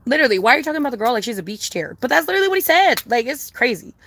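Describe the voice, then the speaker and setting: A woman's voice: high-pitched, big pitch swings, very fast, a bit bright. A young woman chatting casually with her viewers on a livestream, profane, emphatic and sassy, repeating her points.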